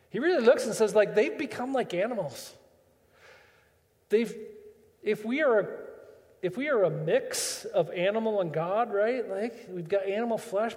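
A man's voice: high voice, a little mellow, long reverb tail. A man preaching a sermon as pastor, chatty and full of rhetorical questions.

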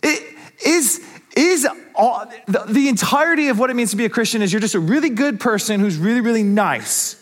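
A man's voice: very high voice, expressive, a little fast. A man preaching a sermon to his congregation, earnest and conversational, asking rhetorical questions. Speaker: pastor.

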